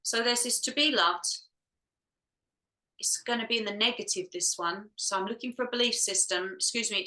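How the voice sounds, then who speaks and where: Bright-voiced woman guiding a healing session. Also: mid-range voice, reverberant, rough recording. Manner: soft, musing, talks to herself while checking. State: close to tears. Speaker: energy healer.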